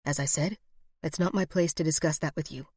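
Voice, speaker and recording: A woman's voice: low voice, darkish tone, husky, no echo, studio quality. A woman doing a cool, formal frontier lawyer. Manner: measured, official, evasive. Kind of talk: audiobook character voice.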